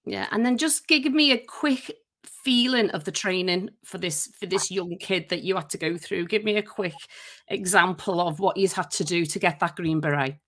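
A woman's voice: on the low side, moderate pace, fairly bright tone. A woman interviewing a guest, prompting him with encouraging questions. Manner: encouraging, prompting with short acknowledgements.

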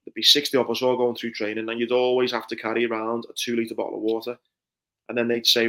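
Flat-voiced man recounting Marine training. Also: medium pitch, fast. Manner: earnest, reflective, many fillers like "you know". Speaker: guest, former Royal Marine. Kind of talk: conversational interview storytelling.

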